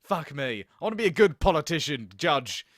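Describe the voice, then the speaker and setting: A young man talks through a game session, animated and foul-mouthed. His voice sits a bit high, bright and sharp, jumping all over in pitch. The sound is close and dry. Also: moderate pace, no room sound. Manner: animated, swearing, laughing often. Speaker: gaming channel host. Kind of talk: let's play commentary.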